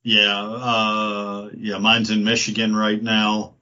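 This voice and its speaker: A man's voice: lowish voice, takes it slowly. A man co-hosting a sports podcast, talking casually and rambling with lots of fillers. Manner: relaxed, rambling, many fillers. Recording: dull lo-fi audio.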